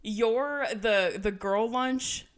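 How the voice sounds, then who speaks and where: A woman's voice: fairly high pitch, extremely slow. Giggly woman podcast co-host. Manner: giggly, playful storyteller. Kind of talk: casual chat. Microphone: cheap mic on a stand.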